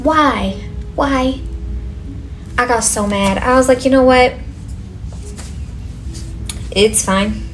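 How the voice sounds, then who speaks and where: A woman's voice: fairly high pitch, takes it slowly, long pauses, slight background noise. A woman waxing technician telling a work story in a blunt, exasperated, cursing way. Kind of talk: casual storytelling.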